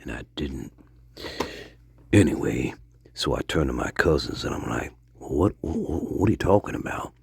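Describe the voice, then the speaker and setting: A man playing a rambling, profane old Delta storyteller with a husky, gravelly voice, drifting off into digressions. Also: rumbling low, expressive, moderate pace, no echo, studio quality, exaggerated voice. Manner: rambling, profane, digressive, jumps between hushed mutters and loud outbursts. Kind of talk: improvised comedic monologue.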